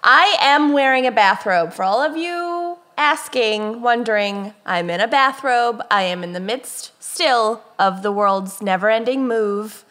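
A young adult woman co-hosting a podcast in casual chat, easygoing and quick to laugh. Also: fairly high pitch, a bit bright. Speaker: podcast co-host.

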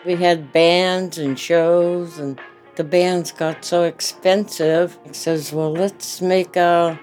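A woman's voice: on the low side, fairly even intonation, slow, darkish tone. A woman in her seventies or older, a club owner reminiscing in a chatty, casual way while sitting at a bar. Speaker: strip club owner, interviewee. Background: jukebox music.

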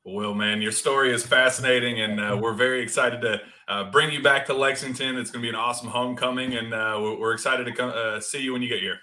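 A man hosting a sports podcast, chatting casually, quick and enthusiastic. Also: medium pitch, steady tone, pushed and bright. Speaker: podcast host.

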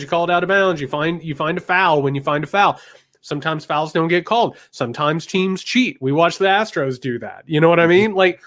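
A man co-hosts a heated political podcast, his voice pitched high for a man. He talks in emphatic bursts of outrage that drop into low, grim asides. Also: fairly bright tone. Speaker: podcast co-host, political commentator.

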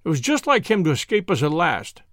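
A man's voice: on the high side, big pitch swings, a little fast, a bit bright, no room sound, studio quality. A man voicing a brusque, voluble Italian police officer, read in a story. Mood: grudging admiration. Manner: voluble and blunt.

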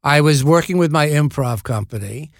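A man in his seventies, an actor being interviewed, telling lively stories with halting restarts and asides. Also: on the high side, gravelly, no room sound, studio quality. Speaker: actor guest. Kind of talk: anecdotal interview storytelling.

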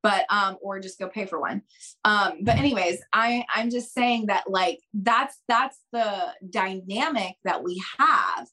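A woman speaking as a podcast guest and dating coach. She talks straight to her listeners, stresses her points, and acts out conversations with big jumps in pitch. Her pace moves between quick bursts and slow, drawn-out emphasis. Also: pushed and bright, rough recording.

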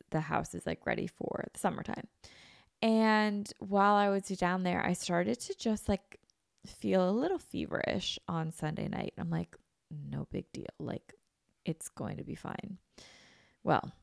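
A woman's voice: on the low side, gravelly, clear, resonant tone, no echo, clean studio sound. A young woman hosting a podcast, telling a story in a chatty, self-dramatizing way and full of "like"s while she recovers from illness. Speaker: podcast host. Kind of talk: casual chat.

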